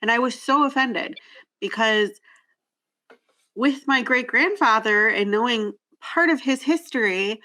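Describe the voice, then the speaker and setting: Bright-voiced woman hosting a candid talk. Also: a little high, unhurried, low-quality recording. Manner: candid, reflective, restarts thoughts. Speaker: host. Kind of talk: casual discussion.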